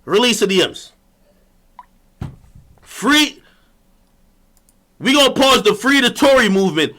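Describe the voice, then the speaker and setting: A man with a high, animated voice rants on his own, mocking and boastful. His tone is bright and sharp, and he swings between loud taunts and low muttered asides. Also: takes it slowly, long pauses. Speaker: streamer. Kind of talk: ranting monologue.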